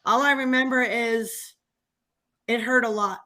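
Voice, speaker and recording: A woman talks in a loose, animated way, venting about her day and laughing often. Her voice sits a bit high and sounds bright and forceful. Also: measured pace. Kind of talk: casual chat.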